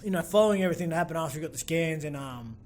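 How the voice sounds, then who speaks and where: An Australian man as a podcast guest, talking in halting casual chat with many restarts. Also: fairly high pitch, lively intonation. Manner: halting, repeats himself.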